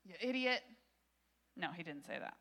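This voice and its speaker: Bright, lively woman preaching. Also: on the low side, moderate pace, gravelly. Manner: animated, conversational, laughs often. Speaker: pastor. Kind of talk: sermon.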